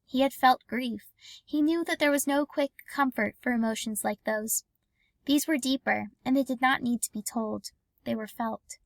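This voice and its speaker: A woman narrating a novel aloud in a calm, even storytelling voice. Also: fairly high pitch, vocal fry, no echo. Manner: calm, even storytelling with lightly acted dialogue. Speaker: audiobook reader. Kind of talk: scripted narration.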